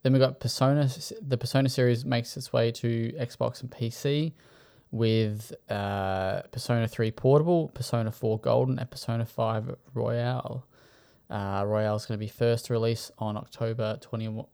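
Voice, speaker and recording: A man's voice: mid-range voice, steady tone, normal speed, gravelly, mellow, smooth. A man hosting a casual chat, running through news items with plenty of filler words. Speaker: podcast host.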